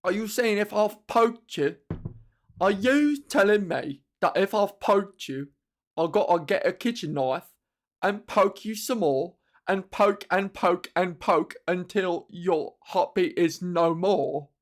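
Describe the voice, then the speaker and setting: A woman voicing a jittery Victorian London male killer in an exaggerated mock Cockney voice, louder and lower than her own talk, as a comedic podcast riff. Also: animated, unhurried, pauses often, close to an everyday voice. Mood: menacing.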